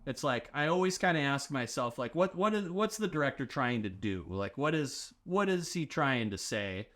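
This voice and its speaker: A man in casual podcast chat, animated, acting out quoted dialogue and filling with "like". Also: medium pitch, moderate pace. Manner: heavy use of filler "like".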